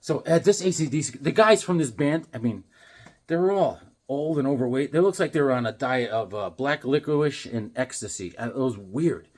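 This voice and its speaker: Rambling, chuckling man with a lively voice. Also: medium pitch, normal speed. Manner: rambling, chuckling, full of fillers and self-talk. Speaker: comics vlogger showing his drawings. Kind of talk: casual rambling show-and-tell.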